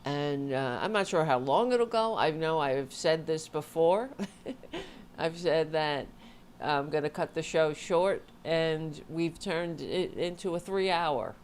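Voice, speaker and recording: Low-sitting and a little mellow, this woman's voice is animated yet slow, with slight background noise. She's the host of her own livestream show, talking casually from home in a tired, rambling way full of self-interruptions, picked up by a home mic with an audio interface.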